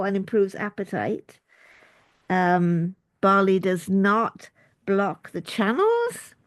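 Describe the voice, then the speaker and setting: Here a middle-aged woman with an English accent, a UK doctor who also runs a school, delivers a relaxed health talk straight to camera and throws in playful jokes. Her voice is mid-range, and the recording has no room sound.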